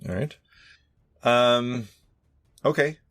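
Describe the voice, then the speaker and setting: A man running a tabletop game as game master, animated and quick to laugh. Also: medium pitch, no room sound, studio quality. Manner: animated, laughs often, voices monsters in short quotes.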